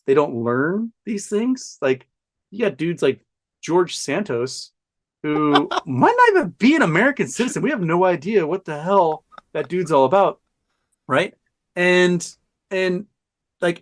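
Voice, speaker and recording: A man talking as a podcast guest, telling a story in an animated, profane way and laughing often. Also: high-pitched. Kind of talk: casual storytelling chat.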